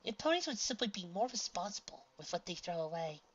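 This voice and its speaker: A woman's voice: on the low side, very animated, fast talker, breathy edge, dull audio, voice pushed up. A woman voicing a kindly, plain-spoken earth pony friend. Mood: caring.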